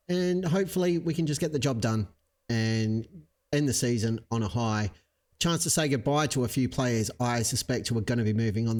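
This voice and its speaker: A man casually commentating his own video game session, chatty and self-mocking, lively when cheering on his team. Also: medium pitch. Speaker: video game let's-play host. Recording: clear background noise.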